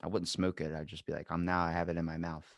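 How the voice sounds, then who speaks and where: Podcast host, American man, low voice, dry close sound, rambling joking stories. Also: little pitch movement, fast talker, no echo. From United States. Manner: joking storyteller, drops to mumbles. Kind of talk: casual chat.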